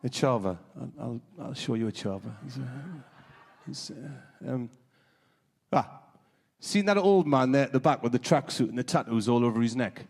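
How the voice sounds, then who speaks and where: A man's voice: medium pitch, animated, normal speed, a little mellow, big-room sound. Chatty man on a theatre stage. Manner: chatty, setting up jokes with the audience. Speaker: comedian. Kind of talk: live stand-up double act.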